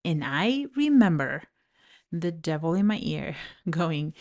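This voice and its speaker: A woman's voice: sits low, big pitch swings, takes it slowly. A woman with an accent hosting a podcast, speaking earnestly and encouragingly as a life coach, telling personal stories while standing at a studio mic in her office. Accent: non-native English accent. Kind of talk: reflective podcast monologue. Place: home office.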